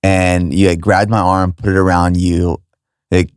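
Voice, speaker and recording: A man with a very deep voice hosts a podcast. He asks short questions and looks back on memories in a reflective way. His voice is dry and close to the mic. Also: flat delivery, a little slow, clear, resonant tone, no room sound. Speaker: podcast host. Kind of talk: casual conversation.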